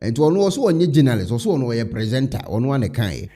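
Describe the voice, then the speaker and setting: Mellow-voiced male vlogger recounting. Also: mid-range voice, sing-song, fairly quick. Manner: chatty, gossipy recounting. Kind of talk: casual storytelling commentary.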